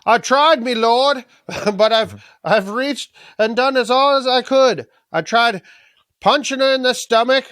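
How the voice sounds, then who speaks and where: A man's voice: high-pitched, very slow, pauses often, bright, forceful tone, no room sound, clean studio sound, full character voice. A man voicing a bumbling, crude male medieval healer in a put-on vague accent. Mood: mock-earnest.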